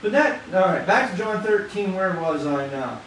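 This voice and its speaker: A man preaching an informal sermon in a fast, excited, conversational way, with casual slang. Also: high voice. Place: church hall. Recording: echoey room from far off, faint noise.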